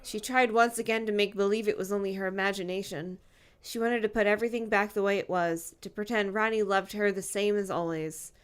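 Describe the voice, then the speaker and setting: Woman on a podcast reading a book aloud, clear smooth voice, steady. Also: mid-range voice, a little fast. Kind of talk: casual chat and reading aloud.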